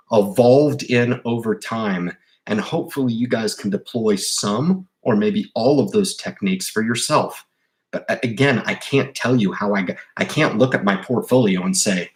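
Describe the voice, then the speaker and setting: A man hosting a livestream about investing, talking casually and emphatically, often restarting his sentences. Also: lowish voice. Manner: rambling, emphatic, with repeated restarts; insistent advice to viewers. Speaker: investing channel host.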